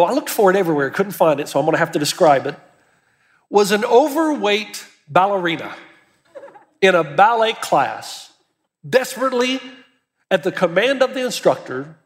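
A man's voice: high-pitched, long reverb tail. A man preaching a sermon as pastor, earnest and emphatic, with urgency that builds as he presses his points.

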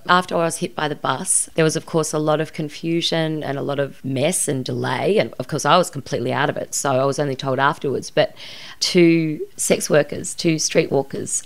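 A woman's voice: low voice, gravelly. An Australian woman in her forties, a guest telling a personal story openly and reflectively in a podcast interview. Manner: earnest and reflective, recounting emotional events openly. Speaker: guest, actress.

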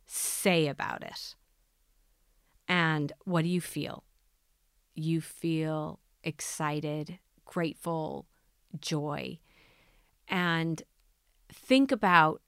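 A woman's voice: on the low side, fairly bright tone, clean tone, no room sound, clean studio sound. A woman hosting a motivational podcast, talking earnestly and coaching the listener with repeated questions. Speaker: podcast host.

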